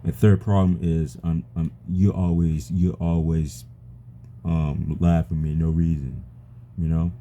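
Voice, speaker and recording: Very deep halting man, stammering. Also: level tone, mellow, a little hiss or hum. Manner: halting, stammering, repeats words. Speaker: user chatting with an AI. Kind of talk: casual chat.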